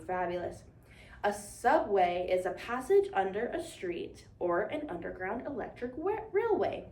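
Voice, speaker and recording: A woman's voice: fairly low pitch, a little mellow, a little hiss or hum. A young woman teaching a vocabulary lesson to young pupils, upbeat and encouraging, with call-and-response prompts. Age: young adult. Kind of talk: demonstration lesson to imagined class. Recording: echoey room, mic at a distance.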